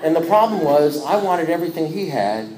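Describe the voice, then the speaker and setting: Animated self-mocking male storyteller, echoey room. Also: fairly high pitch, a little fast, crowd noise, background noise. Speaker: speaker sharing his recovery story. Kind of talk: personal testimony to a group.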